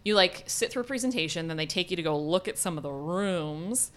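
A woman with a fairly low voice hosts a casual chat podcast. She tells stories in a lively way and acts out the people in them. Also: brisk, slight background noise. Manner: animated storyteller who acts out the people she describes. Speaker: podcast host.

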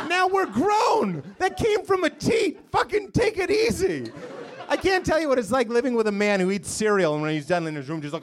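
A man performing a stand-up set at a comedy club, swinging between shouting and low mumbles, with the audience laughing. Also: big pitch swings, moderate pace. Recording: live crowd laughing.

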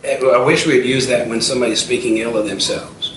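A man's voice: mid-range voice, steady tone, fairly quick, fairly bright tone. A man in his fifties, an entrepreneur guest telling stories in a casual interview, with many restarts and fillers. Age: 50s. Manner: storytelling, frequent restarts and fillers. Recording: roomy and distant with faint noise.

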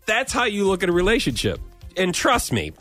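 A wisecracking, self-deprecating man co-hosting a radio chat. His mid-range voice moves lively up and down as he riffs. Faint music sits in the background. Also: high voice, brisk. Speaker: radio show co-host. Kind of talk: casual chat.

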